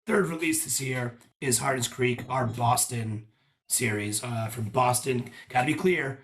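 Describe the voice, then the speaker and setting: A man chatting as a podcast guest, telling stories at an easy middle pitch. He talks loosely and fixes his own details as he goes. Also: measured pace, fairly bright tone. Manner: chatty, storytelling, self-correcting. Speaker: guest, whiskey brand ambassador. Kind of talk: casual podcast chat. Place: his apartment.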